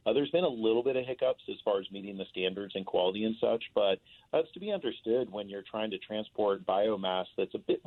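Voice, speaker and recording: A man rambles on as a guest in a loose, casual interview, his speech full of "uh" and "you know" fillers. His voice sits a little low. It comes through a thin, tinny phone line. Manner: talkative, rambling with many fillers.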